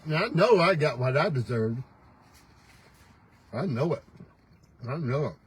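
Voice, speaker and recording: A man's voice: a little high, animated, unhurried, husky, poor audio. An older man hosting a casual morning livestream, folksy and teasing, laughing often as he talks. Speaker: host. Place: pickup truck.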